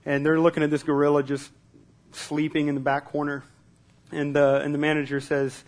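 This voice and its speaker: Man, pastor, conversational sermon, fairly high voice, repeats words as he starts sentences, asks the congregation questions. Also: completely flat delivery, moderate pace. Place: church service.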